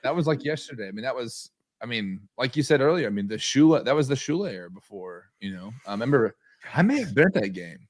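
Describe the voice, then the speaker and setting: A man's voice: mid-range voice, sing-song, quick pace, dry recording, studio quality. A man co-hosting a casual sports podcast, talking in a rambling, laid-back way with lots of hedges. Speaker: podcast co-host.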